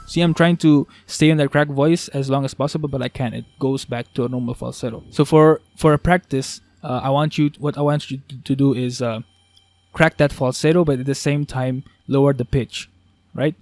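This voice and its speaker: A man teaching a beatbox vocal technique in a casual tutorial, talking haltingly with restarts as he works out how to explain it. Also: medium pitch, fairly even intonation, a little mellow, no room sound. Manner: halting, restarts, thinks aloud.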